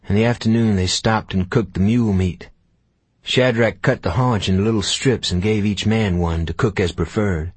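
A man narrating an audiobook in a measured, unhurried storytelling manner. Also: deep voice, breathy edge, no echo.

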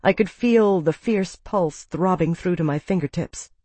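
A woman narrating a novel in a measured, even storytelling manner, close to the mic. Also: lowish voice, slightly rough, no echo. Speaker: audiobook narrator. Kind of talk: scripted narration.

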